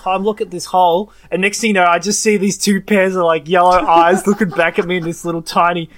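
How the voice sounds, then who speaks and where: A young man, co-hosting a casual podcast and telling a story with lively acted-out voices. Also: sits high, brisk, few pauses, dry recording. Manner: animated storyteller, acts out voices and meows. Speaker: podcast co-host. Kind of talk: casual chat.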